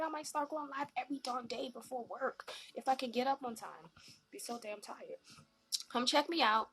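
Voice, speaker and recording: A woman hosting a live-stream talk show, animated and slangy, often acting out what other people said. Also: high-pitched, a little fast. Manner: animated, slangy, acts out quoted voices.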